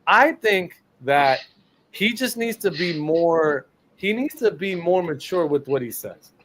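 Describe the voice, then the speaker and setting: A man rants bluntly about his team, swearing freely and pushing the point hard. His voice sits high for a man. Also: slow. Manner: blunt, profane, animated. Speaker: podcast co-host. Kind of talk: heated sports rant.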